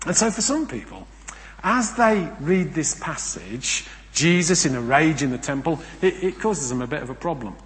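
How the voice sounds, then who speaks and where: A man preaching a sermon, emphatic, asking rhetorical questions and swinging between loud and hushed delivery. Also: a little high, very animated, normal speed. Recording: long reverb of a large hall.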